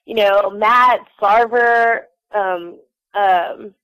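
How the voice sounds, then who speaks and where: A woman's voice: medium pitch, fairly even intonation, very slow, fairly bright tone, smooth, no room sound, low-quality recording. A young woman from Houston telling a bubbly, giggly fan story, full of fillers. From Houston, Texas. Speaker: fan recounting a trip. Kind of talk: casual chat.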